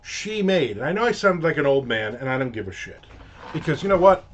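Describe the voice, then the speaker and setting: With a voice on the high side, big pitch swings, and a slightly fast pace, a man hosts a casual ranting monologue, telling an exasperated, profane story. The audio is dull and lo-fi, with slight background noise.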